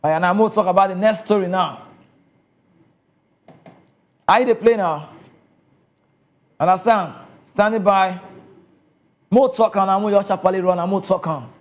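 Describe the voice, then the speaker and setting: A man's voice: high voice, unhurried, long pauses. A man with a Nigerian accent giving casual football commentary, chatty and often checking in with his listeners.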